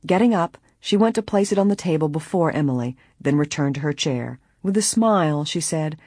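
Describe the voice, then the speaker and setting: An audiobook reader narrating a mystery story in a measured way, with a breathy voice. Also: mid-range voice, animated, darkish tone, no echo, clean studio sound. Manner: measured storytelling, voicing each character. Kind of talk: scripted narration.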